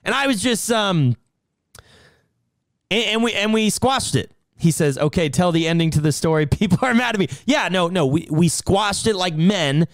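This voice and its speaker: A man's voice: sits high, lively intonation, moderate pace, dry recording, studio quality. A man hosting a livestream, talking casually and telling a rambling, profane story to settle an argument. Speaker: livestream host.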